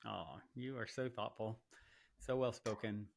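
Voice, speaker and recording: A male podcast host speaking softly and warmly affirming his guest. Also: lowish voice, fairly even intonation, unhurried, gravelly, crowd noise. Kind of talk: interview chat.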